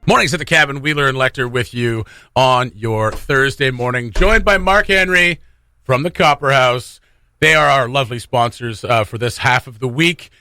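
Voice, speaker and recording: A man's voice: medium pitch, normal speed, pushed and bright, soft background music. A man hosting a morning radio show, chatting casually, laughing often and restarting his sentences. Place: radio studio.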